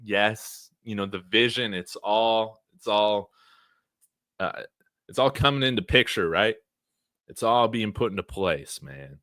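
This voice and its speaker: A man hosting a college football fan livestream, talking in an excited, brash, trash-talking way. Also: fairly low pitch, measured pace, no room sound, clean studio sound.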